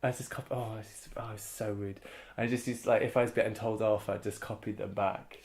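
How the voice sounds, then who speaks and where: A young man chatting in an interview about acting, animated and often laughing as he tells stories. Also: lowish voice, brisk. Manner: animated, laughs often, does impressions of others. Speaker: actor and interviewee. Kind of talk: casual interview chat.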